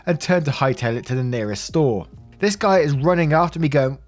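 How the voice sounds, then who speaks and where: A man's voice: fairly high pitch, expressive, brisk, soft background music. A man narrating online stories aloud and adding his own commentary, chuckling as he goes. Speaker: story narrator.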